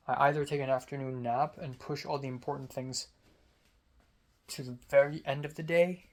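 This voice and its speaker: A sleepy young man from Hong Kong, a student telling a rambling casual vlog story, talking slowly with many fillers. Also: medium pitch, darkish tone. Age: young adult. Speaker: student vlogger.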